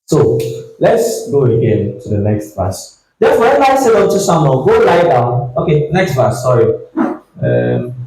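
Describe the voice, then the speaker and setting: A pastor preaching a sermon, reading scripture slowly and acting out the dialogue with energy. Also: male voice, medium pitch, darkish tone, reverberant, poor audio. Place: church.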